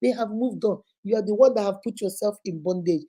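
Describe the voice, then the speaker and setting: Mellow-voiced woman preaching marriage advice. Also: medium pitch, brisk. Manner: preachy, greets viewers by name, emphatic. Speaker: host giving marriage advice. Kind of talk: casual live-stream talk. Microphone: phone.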